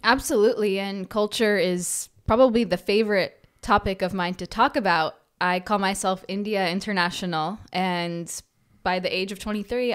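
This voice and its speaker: American woman in her 20s, podcast guest, tells stories with lots of life. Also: mid-range voice. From United States. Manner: animated anecdotal storytelling. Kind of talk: podcast interview storytelling.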